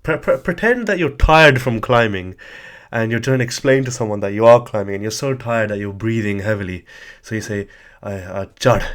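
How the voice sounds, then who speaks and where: This low-voiced man is giving a language lesson, patient and methodical in his explanations. He keeps hedging with "sort of" as he puts examples up on a board.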